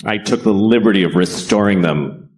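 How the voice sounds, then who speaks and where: At a normal speed, a man works through a comedy set full of swearing, dry asides, and abrupt squeaky outbursts.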